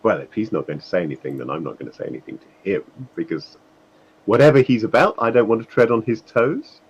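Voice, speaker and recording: A man's voice: fairly low pitch, expressive, fast, breathy edge, highs cut off. A man playing a tabletop role-playing game, politely describing what his character does. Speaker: player.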